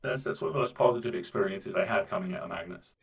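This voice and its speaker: A man with a British accent and a soft, mellifluous voice chats casually as an interview guest, often repeating words as he goes. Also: mid-range voice, lively intonation, fast, gravelly. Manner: rambling, with frequent repeats of words. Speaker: voice actor guest. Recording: muffled, distant mic.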